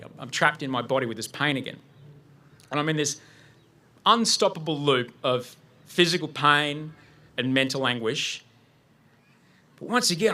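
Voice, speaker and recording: Telling a personal story to an audience, this guest speaker brings it to life and plays out his own moment of panic. He has a slightly high, bright voice with a forceful tone.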